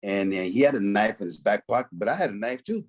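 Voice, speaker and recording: A man's voice: lowish voice, lively intonation, fast talker. A middle-aged man from Central California, a former gang member, telling stories in a casual, profane, streetwise way and dropping in Spanish slang. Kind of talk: casual storytelling.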